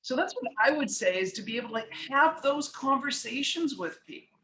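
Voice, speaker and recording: A woman's voice: sits high, animated, fairly quick, sharp tone, roomy sound, a little hiss or hum, poor audio. A woman speaking as an author and investor guest, telling anecdotes in a casual, chatty way, acting out dialogue and using many filler words. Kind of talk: casual storytelling talk.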